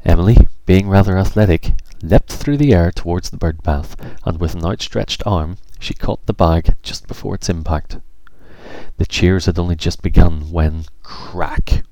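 A man's voice: low voice, normal speed, dark tone, no room sound. A man reading a children's storybook aloud in a wry, playful way. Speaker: narrator.

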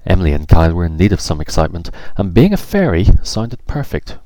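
A man's voice: sits low, very animated, quick pace, warm tone, dry recording. A man reading a children's storybook aloud in a wry, playful way. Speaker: narrator.

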